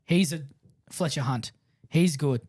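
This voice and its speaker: A man's voice: on the high side, unhurried, a little mellow, breathy edge. A man co-hosting a rugby league podcast, talking casually and enthusiastically while reading out match stats. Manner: enthusiastic, reads out stats, says bro. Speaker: podcast co-host. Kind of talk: casual sports chat.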